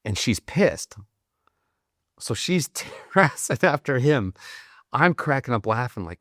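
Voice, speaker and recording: A man's voice: mid-range voice, expressive, measured pace, fairly bright tone, dry recording, studio quality. A young man telling rambling, profane anecdotes in casual podcast talk, laughing often. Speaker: podcast guest, Marine veteran. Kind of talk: casual storytelling.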